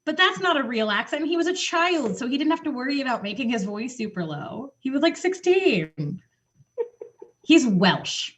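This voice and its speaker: A woman co-hosting a casual podcast chat, talking in quick, animated bursts with restarts and the odd swear word. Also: sits high. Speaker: podcast co-host. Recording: muffled lo-fi audio.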